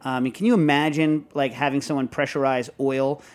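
A man hosting a casual talk show, rambling and animated, often breaking into show tunes. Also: medium pitch, a little fast. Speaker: host. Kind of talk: casual chat.

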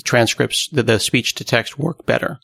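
A man from the Pacific Northwest hosting a casual tech podcast, talking in an even, newsreader-like way. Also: mid-range voice, normal speed, gravelly, husky, no echo, clean studio sound. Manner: plain newsreader-like delivery. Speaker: podcast host.

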